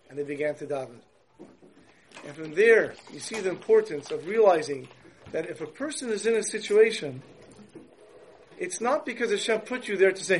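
A man, a religious teacher, telling a story and explaining its lesson in a lively, storytelling sermon. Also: sits high, normal speed, long pauses, slight background noise, rough recording.

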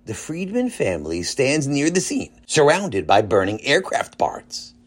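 A storyteller reading a children's story aloud with a lively delivery. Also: mid-range voice, unhurried. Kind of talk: children's story narration with character voices.

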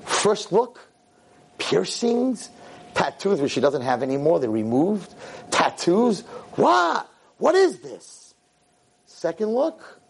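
A man, a rabbi and teacher, giving a convention talk and telling a story in an animated way, acting out the people he quotes. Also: medium pitch, slight background noise. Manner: animated, acts out quoted voices.

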